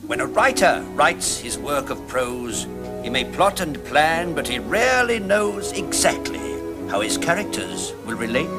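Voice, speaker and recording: A jovial, pompous Victorian author who speaks with a lively, swooping delivery and a slightly raised pitch. He sounds theatrical and wry, and music plays clearly underneath. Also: full character voice. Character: witty, jovial Victorian novelist, middle-aged man. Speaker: actor in a TV comedy special.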